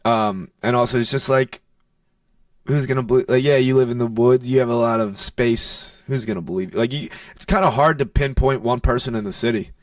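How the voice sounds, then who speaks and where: A man's voice: medium pitch, fairly quick, no room sound, clean studio sound, far from the mic. A man in his thirties from South Jersey, a comedian guest on a podcast, rambling in a laid-back way with lots of fillers. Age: 30s. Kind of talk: casual comedy chat.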